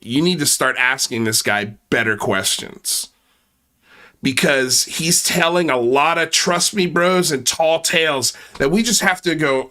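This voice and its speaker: A man's voice: a little high, a little slow, sharp tone. A man hosting a commentary channel, speaking in sarcastic, mocking asides with exaggerated exclamations. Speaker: channel host.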